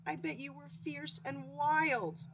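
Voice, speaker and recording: A nervous young hedgehog in a storybook read-aloud, played by a woman, his voice high and wailing and leaping all over the place. He sounds timid and close to tears. There is faint background hiss. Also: expressive, slow pace. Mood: admiring.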